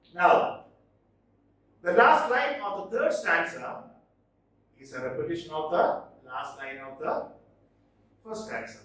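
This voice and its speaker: A male teacher lectures at a deliberate, unhurried pace, his voice rising and falling with lively emphasis. He often repeats the key words. The sound is distant and heavily reverberant, as if captured from across a bare classroom. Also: a little high. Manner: slow, explanatory, repeats key points, emphatic stresses. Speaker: English literature teacher. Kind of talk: recorded lecture. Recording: very echoey room, mic at a distance.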